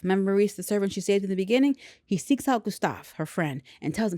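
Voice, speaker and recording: A woman casually recapping a film with lots of slang and quick acted-out character lines. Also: mid-range voice, lively intonation, dark tone, dry recording, clean studio sound. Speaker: movie reviewer.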